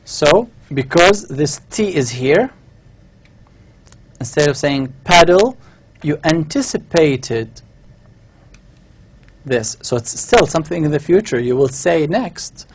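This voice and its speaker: Slow, patient man lecturing. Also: fairly high pitch, lively intonation, slightly rough. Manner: explains step by step, often checks with "all right?"; writes on a board while talking. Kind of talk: university lecture.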